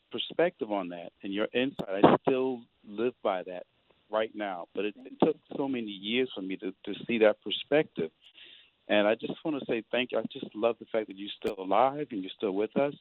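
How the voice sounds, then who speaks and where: A man's voice: fairly low pitch, no echo. A man calling in to a radio show, effusive and emotional, stopping and restarting as he thanks the guest. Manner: effusive, emotional, starts and stops. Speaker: caller. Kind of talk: call-in radio. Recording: tinny phone line.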